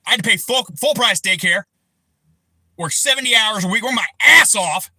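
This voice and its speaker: A man in his thirties hosting a livestream, ranting angrily and profanely, breaking into shouted bursts. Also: sits high, animated, normal speed, no echo, rough recording. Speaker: livestream host. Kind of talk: angry personal rant on a livestream.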